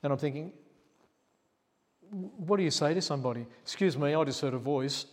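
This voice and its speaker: Speaking at a normal speed in a slightly high voice, this pastor narrates a sermon story conversationally. He performs the quoted lines and laughs at himself, and the church's long reverb carries his words.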